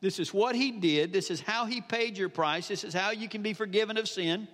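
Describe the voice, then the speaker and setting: High, lively preacher in a reverberant hall. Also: male voice, a little fast. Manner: emphatic, repeats phrases, asks the congregation questions. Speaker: pastor. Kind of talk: sermon.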